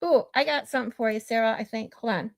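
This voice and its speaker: A middle-aged woman with a slightly high voice talks casually to her livestream audience. She rambles, drifts into side stories and reads out viewer comments. She laughs easily. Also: fast talker, gravelly. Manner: laughs often. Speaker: livestream host.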